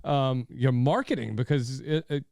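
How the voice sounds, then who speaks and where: A man hosting a podcast interview, enthusiastic and halting, with lots of fillers and restarts. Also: medium pitch, vocal fry, a little mellow, dry recording, studio quality. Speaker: podcast host. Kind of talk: casual interview chat.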